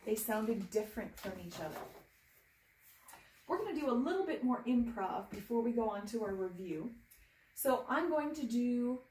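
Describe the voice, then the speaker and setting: A woman's voice: a little high, roomy sound, recorded from a distance. A woman teaching a piano lesson to students at home, patient and encouraging, walking through each step and chanting rhythm syllables. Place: room with a piano. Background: piano playing.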